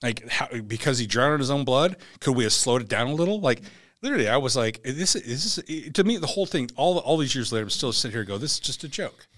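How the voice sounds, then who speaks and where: A man's voice: medium pitch, fast talker, dry recording, studio quality. A man, a former Navy SEAL, telling war and court stories bluntly in a podcast conversation, acting out the other voices in quotes. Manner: blunt, animated, acts out dialogue in quotes. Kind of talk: candid conversational storytelling.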